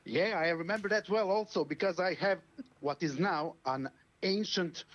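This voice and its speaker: A man in his forties calls in and chats in a loose, laughing way, hesitating with plenty of fillers. His voice sits a little high and comes through a dull, lo-fi phone line. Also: normal speed, fairly bright tone. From Serbia. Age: 40s. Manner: chatty, laughing, many uh fillers. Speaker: caller. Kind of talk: casual phone call chat.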